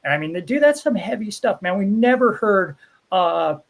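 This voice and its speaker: A man's voice: sits high, big pitch swings, normal speed, gravelly. A man from Pennsylvania hosting a casual livestream chat, talking loosely with many fillers. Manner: loose and rambling, lots of fillers.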